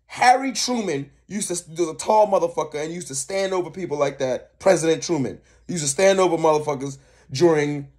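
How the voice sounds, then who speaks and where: A man's voice: on the high side, a little fast, a little mellow. A young man co-hosting a reaction video, ranting in heated, profane casual commentary.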